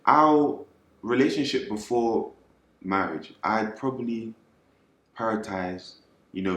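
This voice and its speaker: A very low-voiced man on a panel, talking things through calmly and thoughtfully. The room gives his voice a noticeable echo. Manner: measured, thoughtful explaining. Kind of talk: casual panel talk.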